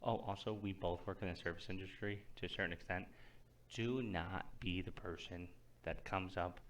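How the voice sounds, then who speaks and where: A man's voice: low voice, moderate pace, slight background noise. A young man co-hosting a podcast in casual chat, telling rambling stories and acting out what people said. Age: young adult. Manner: rambling storyteller, animated retellings. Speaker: podcast co-host.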